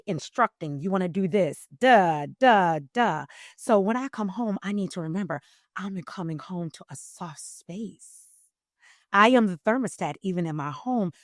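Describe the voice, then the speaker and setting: A woman voice coach talking in a podcast interview, expressive and emphatic, shifting her loudness and pitch to make a point. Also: dry recording, clean studio sound. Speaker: voice coach guest.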